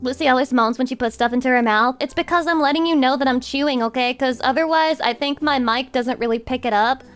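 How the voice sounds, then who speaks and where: A young adult woman streamer chatting casually with viewers in a playful, teasing way, with sudden squeaky outbursts. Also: fast talker, a bit bright, clear, resonant tone. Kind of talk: casual chat reacting to viewers. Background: faint music.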